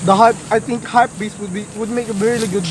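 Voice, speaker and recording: Man, eager vlog chatter, high voice, noisy outdoor take. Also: fast. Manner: excited, pointing things out. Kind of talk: casual vlog banter.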